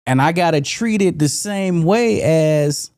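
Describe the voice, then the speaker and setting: A middle-aged man co-hosting a talk podcast, telling a personal story in a relaxed, reflective way. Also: on the high side, unhurried, dry recording, studio quality. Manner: relaxed, reflective storytelling with frequent "you know". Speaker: podcast co-host. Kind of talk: casual round-table chat.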